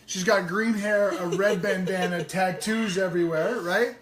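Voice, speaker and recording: A man's voice: sits high, fairly even intonation, unhurried, echoey room. A man co-hosting a live show in casual, joking chat, swearing freely. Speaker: co-host.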